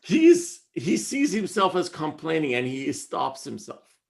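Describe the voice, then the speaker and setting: A man's voice: on the high side, sing-song, measured pace, gravelly, darkish tone. A man teaching a class in a casual style, reading out lines of verse and then paraphrasing them conversationally. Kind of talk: casual class explaining poetry.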